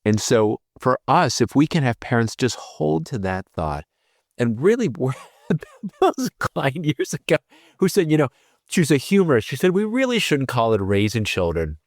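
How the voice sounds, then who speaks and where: Teary, earnest man with a lively voice. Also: mid-range voice, no room sound, studio quality. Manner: earnest, fast rambling with repeated restarts. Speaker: podcast guest, tutoring expert. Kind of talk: emotional conversational storytelling.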